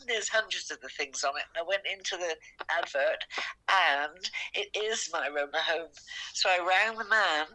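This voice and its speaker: A woman's voice: deep voice, moderate pace, sharp tone. An older British woman on a phone call to her daughter, telling a long story in a chatty, emotional, rambling way. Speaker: podcast host's mother on a phone call. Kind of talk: excited phone chat. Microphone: phone call recording.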